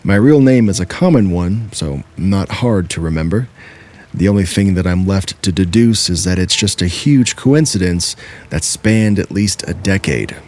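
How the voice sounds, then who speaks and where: A man narrating true scary stories in a steady, measured first-person reading. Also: low voice, slight background noise. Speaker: horror story narrator.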